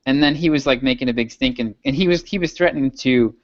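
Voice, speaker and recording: A man's voice: medium pitch, fast. A man co-hosting a podcast, telling a rambling story in casual chat and laughing often. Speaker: podcast co-host. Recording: dull, dry lo-fi sound.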